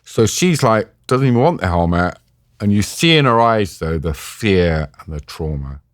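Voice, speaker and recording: A middle-aged British man tells a war story in a lively, self-deprecating way. His voice sits on the low side, and he acts out the lines he quotes. It is recorded close and dry on a podcast mic. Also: normal speed, no room sound. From Britain. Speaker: interview guest, war journalist. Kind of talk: animated anecdotal storytelling.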